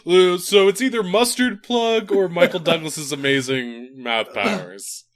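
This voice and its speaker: A man co-hosting a comedy podcast, bantering with deadpan, playfully crude improv. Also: high voice, measured pace. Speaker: podcast co-host.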